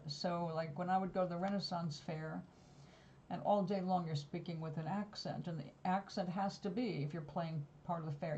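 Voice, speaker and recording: A woman talks in a loose, wandering way, drifting from one story to the next. Her voice is mellow and soft-edged. The recording sounds a little dull and lo-fi. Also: fairly low pitch, creaky, slight background noise. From New York. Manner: rambling, digressive storytelling. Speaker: vlogger. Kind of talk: casual chat.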